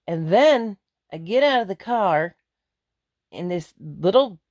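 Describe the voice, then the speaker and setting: A woman's voice: medium pitch, expressive, slow pace, a little mellow, no echo, clean studio sound. A middle-aged woman venting angrily in a vlog, blunt and emphatic. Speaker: vlogger. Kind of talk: angry ranting vlog.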